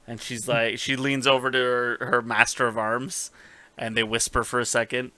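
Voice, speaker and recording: Bright, dry-voiced man retelling a show. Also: mid-range voice, unhurried, clear, resonant tone, no room sound. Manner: animated storytelling, swearing, acting out characters' lines. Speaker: podcast co-host. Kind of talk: casual recap chat.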